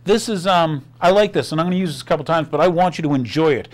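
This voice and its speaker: A man's voice: fairly high pitch, fast. A man hosting a news commentary show, talking animatedly and sarcastically, full of rhetorical questions. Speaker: host. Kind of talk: commentary monologue.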